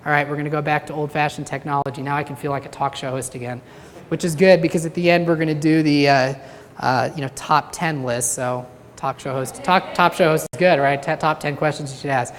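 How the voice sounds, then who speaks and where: A woman's voice: low voice, fairly even intonation, a little fast. A woman speaking as a venture capitalist, giving a joking talk that keeps drawing in her audience. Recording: reverberant hall, faint noise.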